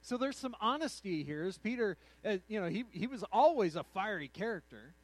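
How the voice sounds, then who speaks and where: A man preaching a sermon in an animated, conversational way, acting out the quotes in his story. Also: high-pitched, brisk, dry recording, poor audio. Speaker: pastor.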